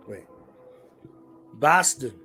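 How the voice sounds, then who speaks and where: A man's voice: medium pitch, lively intonation, extremely slow, sharp tone. A man hosting a casual talk show, dropping joking, playful interjections. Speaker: podcast host. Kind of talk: casual chat.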